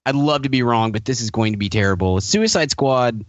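A man's voice: mid-range voice, brisk, no echo, muffled recording. A man co-hosting a podcast in casual chat, wry, laughing often, rambling with restarts. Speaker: podcast co-host.

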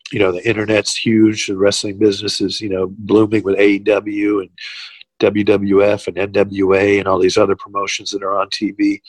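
A man spins loose, rambling stories in a casual interview. His voice sits low, and he leans on "you know" between thoughts. The recording is dry and close. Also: slightly rough, no echo, low-quality recording. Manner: rambling, many "you know" fillers, laughs at own stories. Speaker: podcast guest, retired wrestler.

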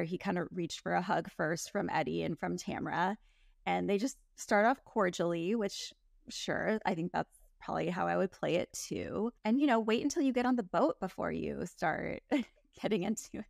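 A woman's voice: on the low side, creaky, no room sound, studio quality. A young woman co-hosting a casual chat, giving candid, opinionated takes and mimicking the people she discusses. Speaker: podcast co-host.

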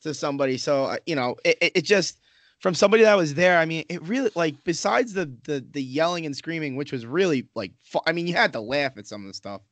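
A slightly higher, a bit bright voice belongs to an Islanders fan rambling through fast, animated hockey talk on a podcast, heavy on profanity and self-interruptions. He keeps circling back over his points. The audio is dry and close, with no echo.

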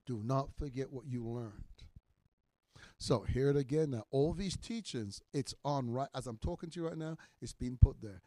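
Older guy preaching on a podcast, warm low-key tone, dry recording, gets loud and punchy on the big lines. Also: moderate pace, no echo. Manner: emphatic preaching, rising loud on key words; repeats phrases for emphasis. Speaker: minister. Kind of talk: podcast sermon teaching.

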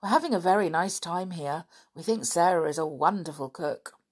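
Julian, a sensible young lad who leads the others, talks earnestly, sometimes drops to a hush, a little low and lively, as a woman reads him aloud in a storybook. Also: normal speed, husky. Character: Julian, boy eldest, sensible leader.

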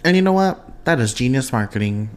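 A man's voice: medium pitch, brisk. Bubbly young man hosting a podcast. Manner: bubbly, expressive, laughs often, goes off on tangents. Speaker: podcast host. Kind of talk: casual solo podcast chat.

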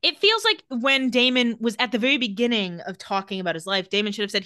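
Bright, lively woman recapping a show. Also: medium pitch, quick pace, few pauses, clean tone, no echo, clean studio sound. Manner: animated, acts out characters' lines while recapping. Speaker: podcast co-host. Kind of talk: casual TV recap chat.

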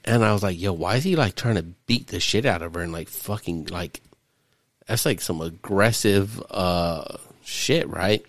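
A man's voice: low voice, a little slow, no echo. A man hosting a podcast, recapping a movie in casual, profane chat and laughing often. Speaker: podcast host. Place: studio.

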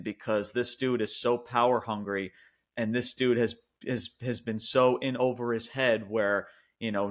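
Animated man recapping in casual chat. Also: medium pitch. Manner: animated, rambling retelling with frequent restarts. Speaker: wrestling podcast co-host.

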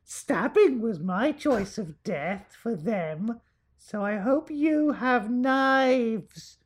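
A woman putting on the voice of a creepy little ghost girl, reading a sinister note slowly in an eerie, sing-song way. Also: a little high, animated, breathy edge, voice pushed up, heavily acted.

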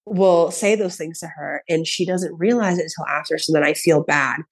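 A woman's voice: deep voice, normal speed, slightly rough. A comedian in her thirties, a woman, telling casual stories as a podcast guest, acting out quotes and laughing often. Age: 30s. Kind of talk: casual storytelling chat.

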